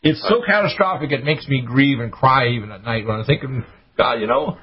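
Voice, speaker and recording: A man hosting a radio show, ranting urgently and preachily with sudden high-pitched bursts. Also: expressive, a little fast, slightly rough, dull audio. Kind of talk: impassioned radio talk.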